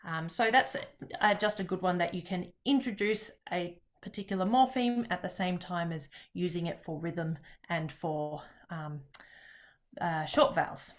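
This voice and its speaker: A woman presenting to teachers in an online session, talking in a relaxed, chatty way with frequent pauses. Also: on the low side.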